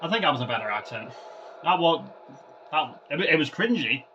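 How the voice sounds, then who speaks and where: A man's voice: on the high side, animated, a little fast, muffled recording, slight background noise. A man vlogging over gameplay in a rambling casual way, often stumbling and repeating words. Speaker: gaming vlogger.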